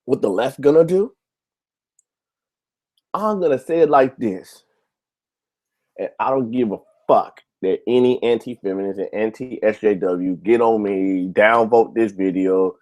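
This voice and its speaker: A man's voice: on the low side, measured pace, long pauses, a little mellow. Heated, profane man ranting on his show. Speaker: YouTube show host. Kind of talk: ranting monologue to camera.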